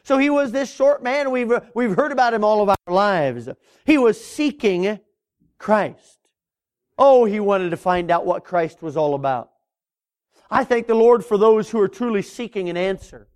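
A middle-aged man preaching as a Baptist pastor, his voice swelling and dropping with drawn-out emphasis. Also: high voice, expressive, a little mellow. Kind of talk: sermon.

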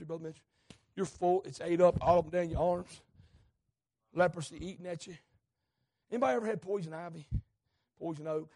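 A man preaches a sermon. His delivery is folksy and conversational, and it rises often into fervent shouting. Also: a little high.

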